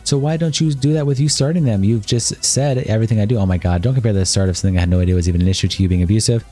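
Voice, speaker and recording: A man streaming live, reading out both sides of a long text-message argument in a flat reading voice. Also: fairly low pitch, racing, faint music behind.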